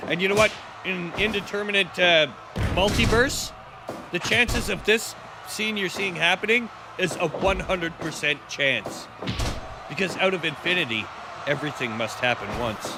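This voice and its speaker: A man hosting a live stream and calling a wrestling match with bombastic, profane, jokey play-by-play and sudden shouted calls. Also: sits high, moderate pace, over music.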